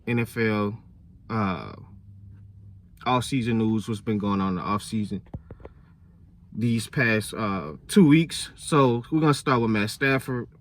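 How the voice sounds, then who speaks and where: A young man giving casual football commentary in a blunt, opinionated way, full of slang and fillers, and getting louder when he is fired up. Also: fairly low pitch, measured pace, pauses often. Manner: loose slangy talk with many fillers. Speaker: sports vlogger.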